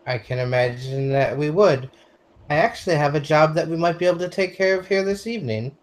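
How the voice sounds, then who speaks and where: A man playing a tabletop game, talking casually and halting as he restarts his sentences. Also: on the high side. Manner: hesitant, halting speech with restarts. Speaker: player.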